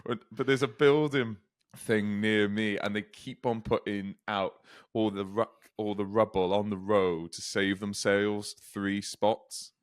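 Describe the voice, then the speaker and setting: A man's voice: on the low side, fairly even intonation, measured pace, clear, resonant tone, no echo. Chatty man, bone-dry close mic. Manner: laughs often mid-story, chatty. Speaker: comedian podcast co-host. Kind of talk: casual comedy chat.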